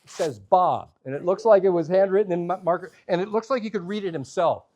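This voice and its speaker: A man's voice: sits high, fast, darkish tone. A man telling a comic story at a live workshop, self-deprecating and humorous. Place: workshop room with a live audience.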